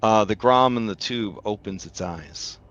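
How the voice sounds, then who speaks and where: A man narrating a tabletop game as game master, slowly and with many pauses. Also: fairly low pitch, a bit bright, dull audio. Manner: slow, hesitant, many pauses.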